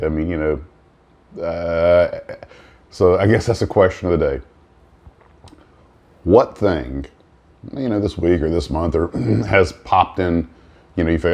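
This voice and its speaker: A man's voice: sits low, a little mellow, dull audio. A man hosting a casual morning vlog about model building, who rambles with many fillers and restarts. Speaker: model-building channel host.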